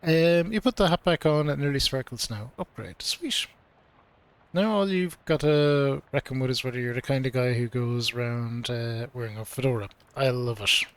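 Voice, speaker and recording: A man's voice: mid-range voice, moderate pace, hardly any pauses, clear, resonant tone. A man streaming a game, reading its dialogue aloud in a casual, playful way with mock old-fashioned delivery. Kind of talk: let's play commentary, reading game text aloud.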